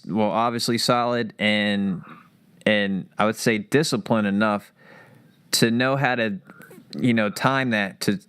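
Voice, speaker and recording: A man's voice: mid-range voice, a bit bright, smooth, no echo. A man hosting a boxing podcast, chatting casually, rambling and cursing now and then. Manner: rambling, laughs easily, curses. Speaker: podcast host.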